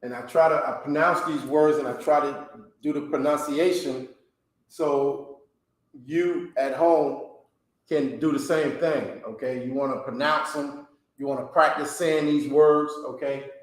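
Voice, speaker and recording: A man teaching a language class, pronouncing words slowly and checking in with "okay?" after nearly every phrase. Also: on the high side, fairly even intonation. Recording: very echoey room.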